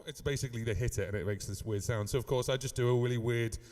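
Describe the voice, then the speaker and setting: A man from the UK teaches live looping on a casual live stream, rambling with lots of fillers and beatboxing now and then. His mid-range voice is darkish and fast, trailing a long reverb tail.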